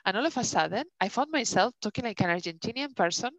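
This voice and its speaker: A woman's voice: a little high, lively intonation, quick pace, dry recording. A woman from Spain with a Spanish accent, co-hosting a casual chat, talking freely with lots of fillers and restarts. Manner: chatty, laughing, many fillers and restarts. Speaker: podcast co-host. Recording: dull lo-fi dry sound.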